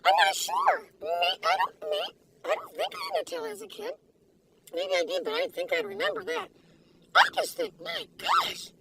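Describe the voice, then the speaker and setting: Gushing older woman with a gravelly, lively voice. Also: extremely high pitch, moderate pace, recorded from a distance, noisy background. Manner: gushing, giggly, exclamatory. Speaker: food reviewer. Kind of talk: casual video review. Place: inside a parked car.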